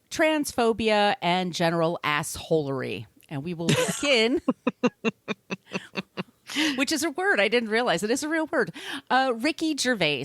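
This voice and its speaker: A woman's voice: fairly high pitch, no echo. A woman with an American accent, co-hosting a podcast in casual chat, joking and laughing often. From United States. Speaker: podcast co-host.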